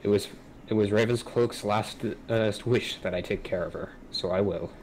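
Low-voiced man, tabletop player. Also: normal speed, a little mellow, a little hiss or hum, low-quality recording. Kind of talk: casual tabletop role-play.

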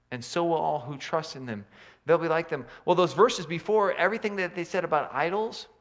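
A man preaching a sermon, swinging between loud emphatic lines and quiet low asides. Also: a little fast. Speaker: pastor.

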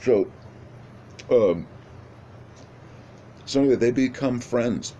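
A man casually pitching a movie idea in a rambling, profane monologue full of restarts. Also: slow pace, mellow, a little hiss or hum.

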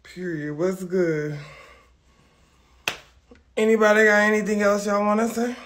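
High-voiced man chatting brashly on a livestream. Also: fairly bright tone. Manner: brash, profane, chatty with viewers. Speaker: livestream host. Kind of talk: casual livestream chat.

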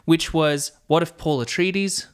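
A woman's voice: deep voice, a little slow. A woman co-hosting a podcast, teasing and playful in casual banter, laughing often. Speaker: podcast co-host.

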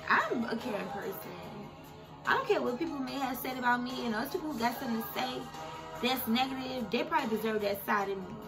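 A woman's voice: a little high, expressive, fairly quick. A woman doing a casual tarot reading who talks straight to her viewers and gets emotional. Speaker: tarot reader. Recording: music playing behind her.

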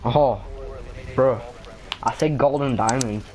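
A man's voice: medium pitch, takes it slowly, a little mellow, slight background noise. A man chatting crudely and joking while gaming online. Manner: crude, joking, laughs often. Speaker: gamer. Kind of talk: casual chat while gaming.

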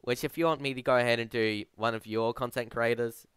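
A man's voice: mid-range voice, fairly even intonation, a little fast, fairly bright tone, smooth, dry recording, studio quality. A man streaming a game, chatting casually and rambling to his chat, calling them bro. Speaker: gaming streamer.

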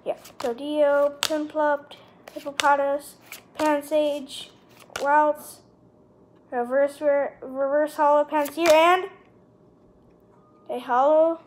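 An excitable woman unboxing trading cards, her high voice running unhurried as she names each card. She gushes over the rare pulls, and faint hiss sits under the camera-mic sound with wrappers crinkling nearby. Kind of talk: casual unboxing commentary.

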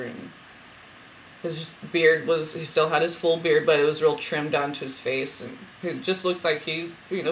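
A woman who reads spiritual cards, chatting to camera as she retells a dream, rambling with lots of fillers and restarts and getting emotional and excited. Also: sits low, slight background noise, rough recording. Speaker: spiritual card reader.

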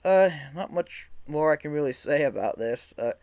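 A man's voice: on the high side, animated, normal speed, darkish tone, smooth. Rambling man giving casual commentary. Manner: rambling, many fillers, laughs often. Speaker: video creator.

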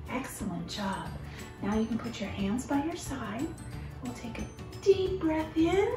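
A woman at home leading a gentle, encouraging children's movement and singing lesson. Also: sits high, animated, slow, distant mic, music in the background. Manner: gentle, encouraging, sings along. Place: her home. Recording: roomy, from away from the mic.

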